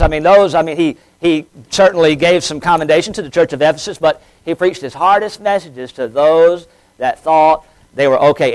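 A man with a high voice preaches a sermon in a church. He swells loud and fast when he reads scripture, then falls soft and low on the words he wants to land. His talk is full of repeated words and quick fillers. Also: low-quality recording. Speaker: pastor.

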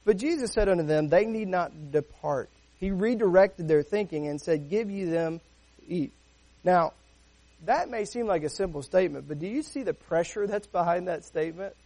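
High-voiced man preaching conversationally. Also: normal speed, dark tone. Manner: conversational preaching with rhetorical questions. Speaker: pastor. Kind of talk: sermon.

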